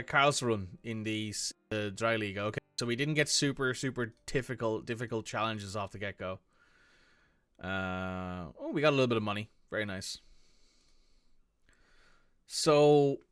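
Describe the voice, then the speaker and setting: A man's voice: medium pitch, fairly bright tone, smooth, no echo. A man casually commenting as he plays a football management game, thinking aloud and reacting to the match. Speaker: gaming streamer. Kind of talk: casual let's-play commentary.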